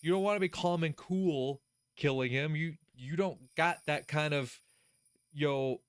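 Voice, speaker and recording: A man hosting a let's play, giving casual gaming commentary in an animated, profane way, laughing often and talking straight to the character. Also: on the high side, a little slow, clean tone, dry recording, clean studio sound.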